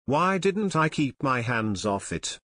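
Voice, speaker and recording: An impulsive teenage boy sleuth, eager and quick to protest, as a male narrator reads him. The sound is dry, close and plain. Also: medium pitch, very animated, bright, forceful tone, dry recording, heavily acted.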